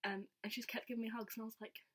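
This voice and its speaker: Breathy young woman gushing. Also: a little high, racing. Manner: excited, chatty, with many "like" fillers. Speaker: vlogger. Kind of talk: casual storytelling.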